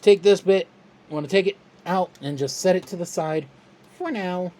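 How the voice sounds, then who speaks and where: A toy reviewer talking through a step-by-step tutorial in a relaxed, chatty, self-deprecating way. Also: medium pitch, normal speed.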